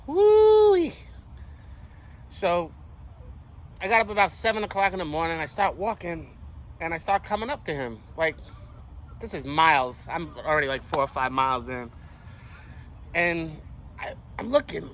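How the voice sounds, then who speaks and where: Animated, cussing young man telling a story. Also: fairly high pitch, slight background noise, poor audio. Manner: animated, profane street slang. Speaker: vlogger. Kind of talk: casual storytelling.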